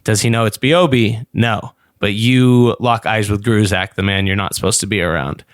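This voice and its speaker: A man's voice: on the low side, normal speed, no echo. A man narrating a tabletop role-playing session as game master, describing scenes and calling for rolls.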